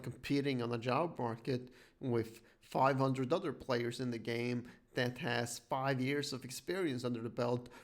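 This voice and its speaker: A man hosting a casual podcast chat, ranting emphatically with a lot of swearing. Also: medium pitch. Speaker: podcast host.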